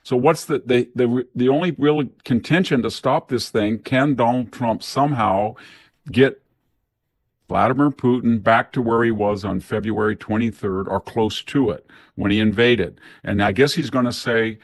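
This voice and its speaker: A man's voice: medium pitch, moderate pace, no echo. An older man giving political commentary as a guest, speaking in long runs and acting out imagined dialogue.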